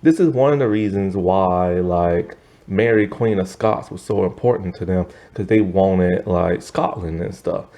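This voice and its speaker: A young man casually recapping and reviewing a TV episode, rambling with lots of fillers and animated asides. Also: low-pitched, measured pace, gravelly. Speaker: TV review host.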